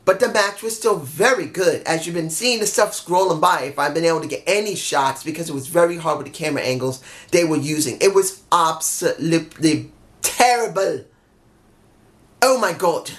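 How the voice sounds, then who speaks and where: A man's voice: on the high side, fairly quick, a bit bright. A man giving a casual, off-the-cuff wrestling review, rambling and breaking into exasperated asides.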